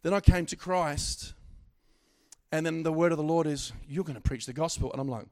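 A middle-aged man preaching a sermon, swinging from loud exhortation to quiet asides, with stammering restarts. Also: fairly high pitch, normal speed.

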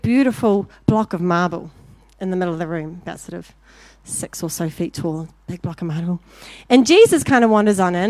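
A woman preaching a sermon, telling a story with lively acted-out voices before turning to direct exhortation. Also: medium pitch, no room sound. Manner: animated storyteller, acting out voices in anecdotes.

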